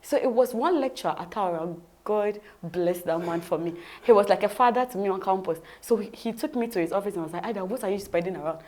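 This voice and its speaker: A woman's voice: mid-range voice, brisk, hardly any pauses, a little mellow. A woman with a Ghanaian accent, an interview guest vividly telling her personal story and acting out the dialogue.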